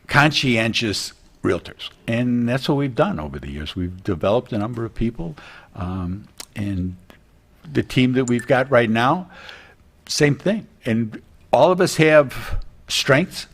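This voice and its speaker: A man's voice: medium pitch, lively intonation, measured pace. A middle-aged man, a realtor guest, talking earnestly in a casual TV interview, rambling with many restarts.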